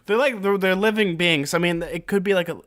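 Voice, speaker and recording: A young man co-hosts a casual chat and rambles through a story with jokes and fillers. His voice sits a bit high for a man. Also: a little fast, a bit bright. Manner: rambling, jokey, many fillers. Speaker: podcast co-host.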